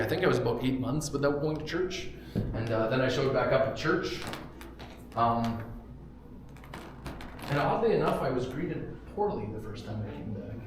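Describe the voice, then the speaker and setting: A male pastor preaching a casual, joking sermon in a church, with props and sudden bursts of loud emphasis. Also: mid-range voice. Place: church sanctuary. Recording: very echoey room, faint background hum.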